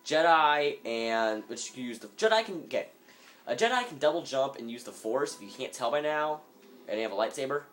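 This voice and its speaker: A man's voice: medium pitch, lively intonation, fairly quick, fairly bright tone. A man giving rambling, jokey commentary over a video game, sometimes in a mock-businesslike tone, recorded on a phone microphone. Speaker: let's play gamer. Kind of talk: casual gameplay commentary.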